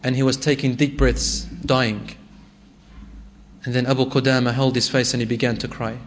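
A man's voice: mid-range voice, little pitch movement, normal speed, slight background noise. A man preaching a sermon, reciting Arabic verses and retelling a story with rising emotion.

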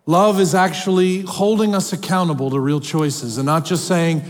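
A male pastor preaching a sermon, animated and emphatic, moving between his own words and storybook readings. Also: measured pace, few pauses. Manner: animated, emphatic preaching with big pitch swings. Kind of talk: sermon with read-aloud storybook passages. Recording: long hall reverb.

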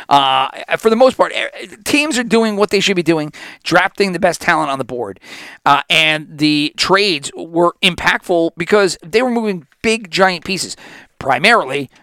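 A man's voice: high voice, expressive, normal speed, sharp tone, no echo, studio quality. A man in his forties hosting a sports podcast, rambling and swearing freely with many restarts in a casual monologue. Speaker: podcast host.

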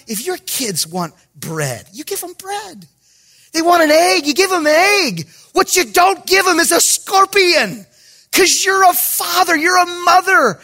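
Man, pastor, emphatic sermon, jokey asides, bright forceful voice. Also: extremely high pitch. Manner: emphatic preaching with jokey asides, bursts of raised voice.

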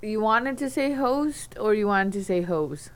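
A woman's voice: mid-range voice, animated, clean tone. Blunt swearing woman on a podcast. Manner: blunt, swears a lot, quick to laugh. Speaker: podcast co-host. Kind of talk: casual drinking chat.

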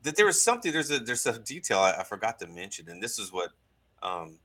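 A man, a guest on a talk show, telling a personal story in an earnest, halting way with many restarts. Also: lowish voice, very animated, sharp tone, rough recording.

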